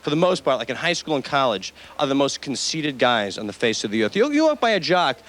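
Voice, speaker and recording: A man's voice: mid-range voice, big pitch swings, fairly quick. A man doing a stand-up set, mocking and mimicking jocks while working the audience. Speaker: stand-up comedian. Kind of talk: stand-up comedy set with crowd work. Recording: noisy old videotape with audience.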